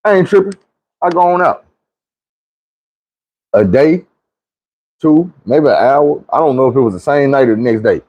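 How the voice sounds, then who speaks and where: Male storyteller, casual comic tale, profane, lively swings in pitch, husky voice. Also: moderate pace, long pauses, muffled recording. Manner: animated, profane, acts out quoted voices. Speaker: storyteller host.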